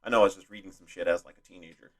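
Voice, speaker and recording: A man's voice: low-pitched, fairly even intonation, very fast, a bit bright. A young man giving casual, rambling movie commentary as a video host, with lots of fillers and swearing. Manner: rambling, frequent fillers and profanity.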